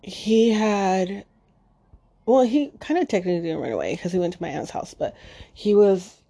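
A middle-aged woman speaks in a husky, mellow voice, halting and restarting as she talks off the cuff. She sounds choked up and close to tears. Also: medium pitch, lively intonation. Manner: halting, emotional, many fillers and restarts. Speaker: podcast host. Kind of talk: unscripted personal monologue.

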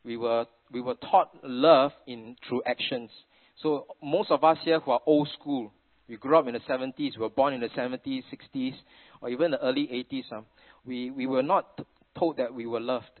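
A man's voice: mid-range voice, normal speed. A middle-aged man from Singapore with a Singaporean English accent, preaching a sermon in a chatty storytelling way sprinkled with Singlish particles. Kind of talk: sermon with family anecdotes. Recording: tinny phone-like sound.

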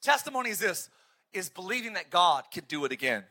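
A man preaching a sermon as a pastor, telling stories in an energetic, joking and self-deprecating way. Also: high-pitched, fairly quick. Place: church.

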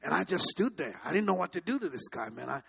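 A man preaching a sermon, telling stories with lively energy and leading the congregation in repeating phrases. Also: fairly high pitch, quick pace, creaky, husky. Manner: animated storytelling, leads the congregation in repeating phrases. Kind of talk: sermon with storytelling.

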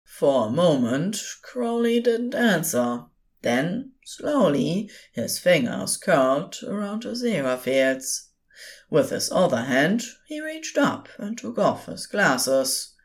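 A woman reading a story aloud as unhurried audiobook narration, very expressive. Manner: low, slow, very expressive. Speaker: podfic reader.

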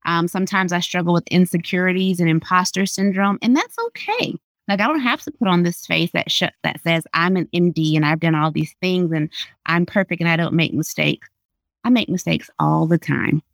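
A woman's voice: lowish voice, moderate pace, creaky, no room sound. A woman in her thirties, a pediatrician, sharing earnest, emphatic testimony as a podcast guest. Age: 30s. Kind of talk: faith podcast interview.

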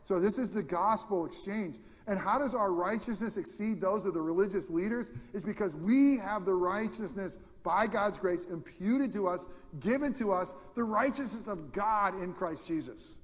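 High-voiced male pastor preaching in a hall. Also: moderate pace, few pauses. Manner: swings from loud emphatic peaks to hushed near-whispers. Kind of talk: sermon.

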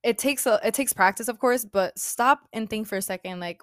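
A woman's voice: mid-range voice, fairly quick, few pauses, dry recording, clean studio sound. A woman giving a casual, chatty spiritual talk, retelling a parable in an informal way. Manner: chatty, informal, frequent "like" and "bro". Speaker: spiritual speaker.

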